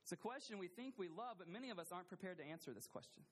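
A man's voice: high-pitched, animated, racing, slight background noise. Earnest man preaching a sermon. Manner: earnest, asks the congregation questions, repeats phrases for emphasis. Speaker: pastor.

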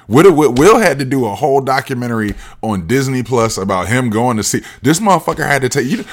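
A man hosting his own podcast, talking alone in a casual, profane and emphatic rant. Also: medium pitch. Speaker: podcast host.

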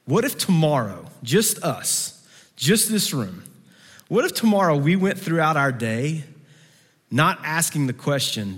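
Guy preaching to a campus crowd, kinda high voice, big echoey hall, goes from fired up to real soft and pleading. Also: big pitch swings, measured pace, husky. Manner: swings from fervent raised delivery to hushed intimate pleading. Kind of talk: sermon. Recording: long hall reverb.

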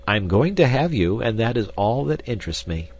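A man's voice: mid-range voice, big pitch swings, a little fast, darkish tone, breathy edge, voice pushed up. A man reading the part of an arrogant wealthy man, cold and mocking toward the woman he intends to marry.

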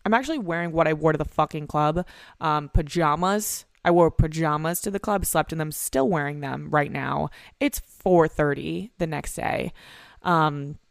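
A woman's voice: sits low, moderate pace, gravelly, dry recording, clean studio sound. A young woman hosting a podcast from home, rambling in a casual, profane confessional monologue full of "like" and "um.". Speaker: podcast host.

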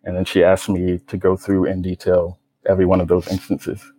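A young man from the United States recounting a personal experience in a low-key, reflective way, with many casual fillers. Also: completely flat delivery, normal speed, mellow, breathy edge, dry recording, rough recording. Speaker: storyteller. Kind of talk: personal testimony.

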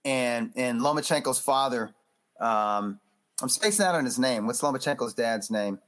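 A man who is a boxing magazine editor, chatting loosely as a podcast guest, animated and full of restarts. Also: medium pitch, moderate pace. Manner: animated, loose, acts out quotes; frequent restarts and fillers. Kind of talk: casual interview chat.

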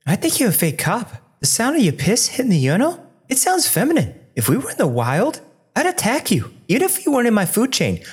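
Brief: shrill, aggressive young cop on a rant, voice leaps high and wild. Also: male voice, breathy edge, exaggerated voice. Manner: shrill, ranting, high-pitched. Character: hot-headed young male cop, aggressive. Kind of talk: movie quote impression.

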